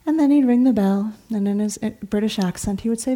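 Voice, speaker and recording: A middle-aged woman, a meditation teacher, giving a dharma talk in a meditation hall, telling stories conversationally and sometimes dropping to a soft whisper. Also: mid-range voice, fairly quick. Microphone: talk recording before a seated audience.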